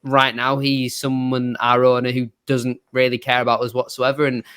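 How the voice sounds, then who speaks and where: A man's voice: mid-range voice, monotone, fairly bright tone, smooth. A man hosting a casual football fan discussion, giving frustrated opinions about his club. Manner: fast-talking, frustrated opinions. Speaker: host of a football fan channel.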